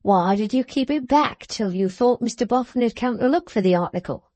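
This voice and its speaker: A woman voicing a pompous, scheming older man who talks in florid, drawn-out, wheedling phrases. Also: on the high side, lively intonation, a little mellow, dry recording.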